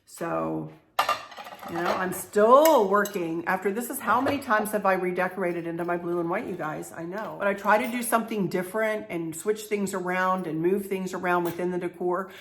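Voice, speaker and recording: A woman's voice: lowish voice, normal speed, a little hiss or hum. A middle-aged woman, talking through a home decor haul in a chatty, confiding way. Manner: chatty, confiding, laughs often. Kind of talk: casual show-and-tell haul video.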